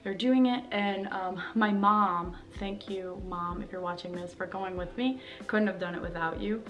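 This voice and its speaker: A woman's voice: medium pitch, steady tone, normal speed, a bit bright. A young woman vlogging to her camera at home, talking candidly and rambling with lots of fillers. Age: young adult. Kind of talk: personal vlog talking to camera. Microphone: camera mic, talking to camera.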